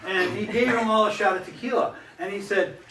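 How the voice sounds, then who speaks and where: A man with a high voice tells playful improv jokes on a theater stage, leaning into each punchline. The sound is roomy and distant, with clear noise around him. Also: fairly even intonation, brisk, sharp tone. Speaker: improv performer. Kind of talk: live improv joke telling. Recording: roomy stage, far from the mic, noisy.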